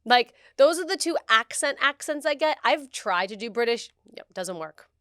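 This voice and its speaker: A woman with a fairly high voice chats casually, joking at her own expense and dropping "like" into almost every sentence. She is recorded close and dry, with no echo. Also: animated, moderate pace, fairly bright tone. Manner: bubbly, self-deprecating, lots of "like". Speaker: interview host. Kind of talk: casual chat. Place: home.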